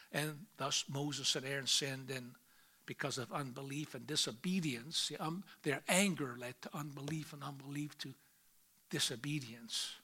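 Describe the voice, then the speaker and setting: Pastor, male, high bright voice, preaching with loud bursts and quiet asides. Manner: reads scripture aloud in old English. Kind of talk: sermon.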